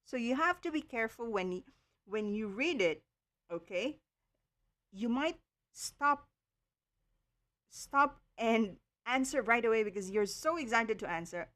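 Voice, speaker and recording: A woman's voice: a little high, expressive, fairly bright tone. A woman teaching an online livestream lesson, explaining carefully with many checks of "okay" and filler sounds. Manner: slow, careful explaining with frequent okays and ums. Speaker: online tutor.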